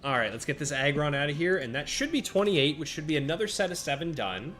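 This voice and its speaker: A man giving casual live-stream commentary while playing a monster-battle game, chatting with viewers by name and reacting out loud to each turn. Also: fairly high pitch, big pitch swings, fast. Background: faint game music.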